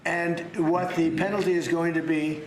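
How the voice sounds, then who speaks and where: A man's voice: fairly high pitch, little pitch movement, normal speed, slight background noise. A man speaking to the press, emphatic and repetitive. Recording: roomy clip with faint ambience.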